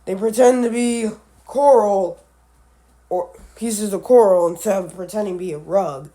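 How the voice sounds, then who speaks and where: Slow, halting male animal vlogger. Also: sits high, dark tone. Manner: halting, with frequent restarts and self-corrections; offhand, musing asides. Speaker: animal video creator. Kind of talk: casual commentary on animal matchups.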